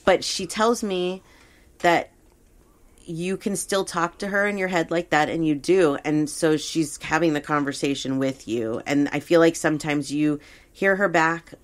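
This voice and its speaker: Woman podcast host, psychic reader, deep-ish voice, easygoing and halting. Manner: hesitant, relaxed, many fillers. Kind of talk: casual podcast reading.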